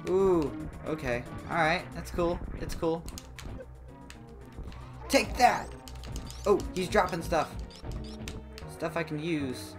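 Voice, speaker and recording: A man giving let's play commentary, excitable and comically dramatic, jumping into high squeaky exclamations over faint game music. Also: a little slow.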